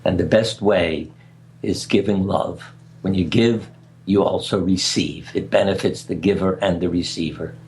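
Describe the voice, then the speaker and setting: A man's voice: deep voice, a little slow, a little mellow, a little hiss or hum. An older man talking as a radio guest, telling stories in an earnest, anecdotal way and chuckling at his own tales. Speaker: guest speaker. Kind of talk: conversational storytelling interview. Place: radio interview.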